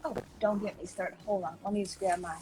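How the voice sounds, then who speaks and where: A woman co-hosting a casual live chat, telling stories in a lively way and acting out other people's lines. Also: mid-range voice, brisk, over music, poor audio. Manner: animated storyteller who acts out quoted voices. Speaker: co-host.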